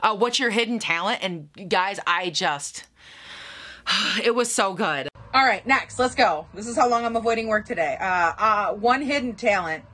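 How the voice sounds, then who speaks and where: Young woman makeup vlogger, bright and forward tone, chatty and self-mocking, speaks straight to viewers. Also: medium pitch, measured pace. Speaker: beauty vlogger. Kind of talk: casual get-ready-with-me chat.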